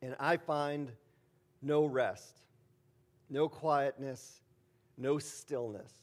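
A man's voice: mid-range voice, fairly even intonation, very slow. Casual, rambling preacher man. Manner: casual, rambling, many fillers, emphatic bursts. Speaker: pastor. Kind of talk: conversational sermon.

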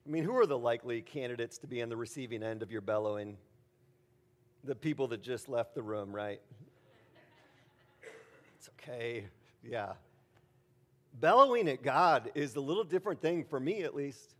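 A man's voice: medium pitch, lively intonation, moderate pace, long pauses, a bit bright. A middle-aged man, a pastor preaching a conversational sermon, casual and rambling with many fillers and sudden emphatic bursts.

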